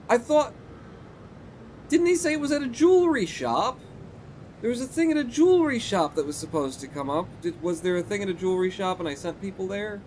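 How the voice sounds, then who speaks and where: A man's voice: high voice, brisk, slight background noise. A man streaming a game live, reading its text aloud and making sarcastic asides to his chat. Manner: animated, sarcastic, talks to chat.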